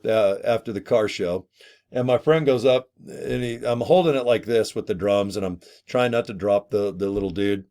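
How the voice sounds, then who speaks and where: Chatty excitable middle-aged man vlogging. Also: mid-range voice. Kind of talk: casual talk to camera.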